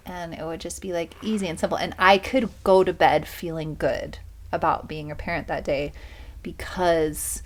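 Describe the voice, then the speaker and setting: A woman's voice: fairly low pitch, fairly even intonation, normal speed. A woman hosting a podcast, chatting candidly and reflectively. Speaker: podcast host. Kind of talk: podcast conversation.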